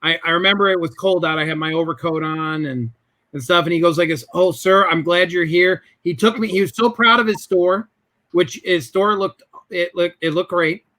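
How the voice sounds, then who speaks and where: High, bright-voiced man telling a lively story. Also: fairly quick. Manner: animated, acts out both sides of conversations. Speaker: guest. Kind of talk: storytelling in a business interview.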